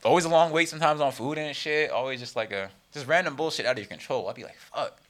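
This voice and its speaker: A man's voice: on the high side, fast, a bit bright. A man co-hosting a podcast, telling a profane story about his restaurant shift in a casual rant. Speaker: podcast co-host.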